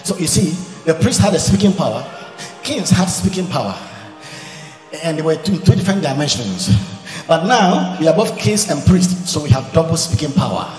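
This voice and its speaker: Male pastor, lively higher voice, fiery sermon with bursts of shouting, recorded in a roomy hall. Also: normal speed, soft background music. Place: large church event hall.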